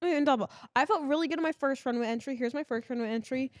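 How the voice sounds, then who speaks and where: A woman's voice: high-pitched, racing, no echo. A woman co-hosting a podcast, chatting in a bubbly way and leaning on "like". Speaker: podcast co-host. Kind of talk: casual chat.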